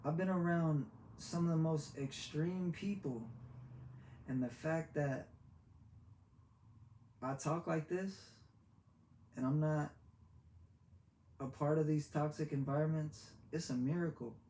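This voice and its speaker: A man giving a heartfelt, preachy motivational talk, halting and repeating himself as he goes. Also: a little high, steady tone, mellow. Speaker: motivational vlogger. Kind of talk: earnest motivational monologue. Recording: echoey room with faint background hiss.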